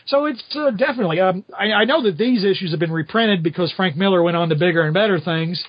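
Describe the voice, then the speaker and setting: A high-voiced man hosts a podcast and rambles casually through a comic-book recap, with plenty of "you know." The sound is dry and close, though the audio is dull and lo-fi. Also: quick pace, slightly rough, no echo. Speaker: podcast host.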